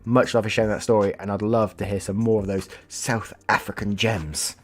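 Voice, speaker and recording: A man reading online stories aloud and reacting with animated asides, with faint music behind. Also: on the low side, normal speed. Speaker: story reader.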